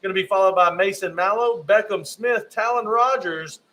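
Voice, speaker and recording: Man, live race commentator, high voice, trips over names and corrects himself. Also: normal speed, bright, forceful tone, rough recording.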